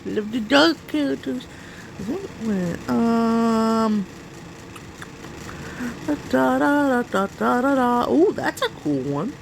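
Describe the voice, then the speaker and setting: Woman, reaction video host, casual rambling commentary, swears, gravelly, unhurried. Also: on the high side, animated, slight background noise, poor audio. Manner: rambling, swears, talks to herself while browsing.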